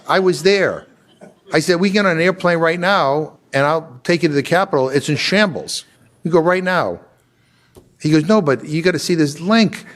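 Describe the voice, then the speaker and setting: An older man, a congressman, talking casually with frequent restarts and fillers, growing animated as he tells a story. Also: fairly high pitch. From Massachusetts. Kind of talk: casual conversational talk.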